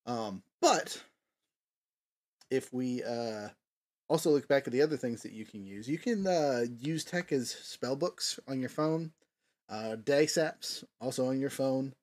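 A man hosts a gaming podcast in a loose, rambling way. His voice sits at an ordinary middle pitch and is full of ums and restarts. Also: a little slow. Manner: rambling, filler-heavy, lively. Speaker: podcast host. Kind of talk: casual chat.

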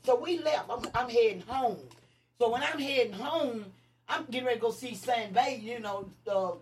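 A woman from Tennessee, a guest activist telling animated stories in casual chat, emphatic and laughing often. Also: a little high, normal speed, far from the mic. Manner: lively, emphatic, frequent laughter and rising exclamations.

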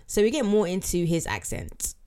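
Woman co-host, chatty, walks through the plot, a bit low-pitched. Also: sing-song, moderate pace, over music. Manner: chatty, recaps plot, acts out quotes. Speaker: podcast co-host. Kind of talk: casual chat, recapping a documentary.

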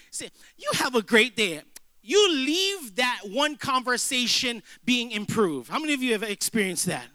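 A man preaching a sermon as a pastor, telling lively stories with humor and acted-out dialogue. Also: extremely high pitch, moderate pace, no echo. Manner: animated storytelling preacher, jokes and acted-out dialogue.

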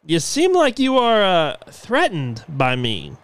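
A man's voice: fairly high pitch, huge pitch swings, takes it slowly, fairly bright tone, no echo, heavily acted. A man voicing a cocky male wrestling veteran who mocks and taunts his rival. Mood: mocking. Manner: mocking, taunting.

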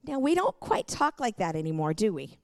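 A middle-aged woman pastor teaching a church lesson in a lively way, often laughing and reading scripture aloud. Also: mid-range voice, a little fast, dry recording.

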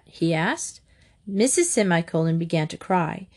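A woman narrating a children's storybook aloud in a lively, expressive way. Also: on the low side, unhurried.

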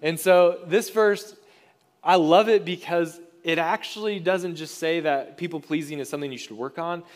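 A man's voice: on the high side, moderate pace. A man preaching a sermon as pastor, earnest and conversational, often restarting phrases.

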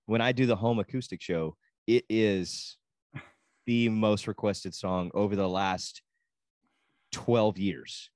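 A man's voice: on the low side, steady tone, takes it slowly, darkish tone, no room sound. A man in his forties, a youth minister and musician co-hosting a casual podcast, who rambles and laughs easily.

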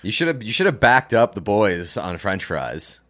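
A man in an easygoing podcast chat who laughs often and riffs on the joke at hand. His pitch moves a lot, and the sound is dry and close. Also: big pitch swings, normal speed, a bit bright, no echo. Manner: laughs along, riffs on jokes. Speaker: podcast co-host. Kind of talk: casual chat.

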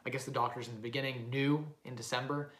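A man's voice: mid-range voice, fairly even intonation, quick pace, a bit bright, slight background noise. A young man hosting a livestream, rambling self-assuredly through questions with many fillers and restarts. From Canada. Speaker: livestream host, real estate investor. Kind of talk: casual livestream chat with live Q&A. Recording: roomy echoey room.

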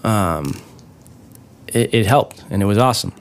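A man telling his own recovery story in a casual, rambling way, with many fillers and restarts, swearing now and then and getting animated over the funny parts. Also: lowish voice, measured pace, slight background noise.

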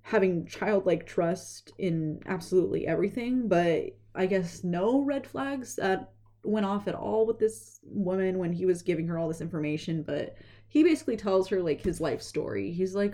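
Her pitch on the low side, a young woman recounts a story casually and with lots of animation, briefly voicing each character as she goes.

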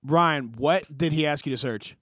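A young man hosting a podcast, joking around with a lot of swearing and quick banter. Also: on the high side, a bit bright, dry recording, clean studio sound. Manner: joking, profane, fast banter. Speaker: podcast host. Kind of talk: casual podcast chat.

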